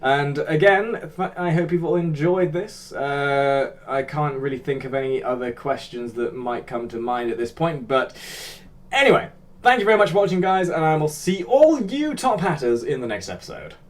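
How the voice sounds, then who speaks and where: A man's voice: fairly high pitch, lively intonation, normal speed. A young English man hosting his own channel, answering viewer comments in rambling, self-mocking casual chat with casual swearing. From Britain. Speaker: YouTube host.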